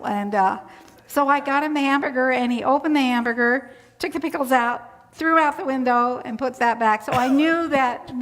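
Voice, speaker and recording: Here the older church volunteer sounds a little high and fairly bright, talking at normal speed as she shares a personal story in an interview. Laughter punctuates her chatty impressions of other people, all echoing through the sanctuary's long reverb.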